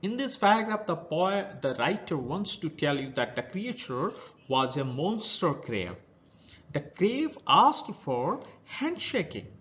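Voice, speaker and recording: A man with an Indian English accent teaching a children's story. He reads each passage, then explains it in plain words at a very slow, careful pace, with a fairly high voice that moves up and down a lot. The recording sounds dull and lo-fi. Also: sing-song, fairly bright tone. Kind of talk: reading a story aloud and explaining it.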